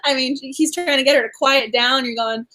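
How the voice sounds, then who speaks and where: A woman co-hosting a casual book discussion, animated and acting out lines from the story. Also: high voice. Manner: fast, animated, acts out quotes. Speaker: book review co-host.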